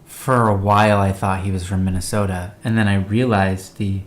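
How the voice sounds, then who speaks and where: Man, very low voice, relaxed streamer chatting and reading out chat. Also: normal speed. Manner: chatty storyteller, reads viewer messages aloud. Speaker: co-host. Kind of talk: casual livestream chat.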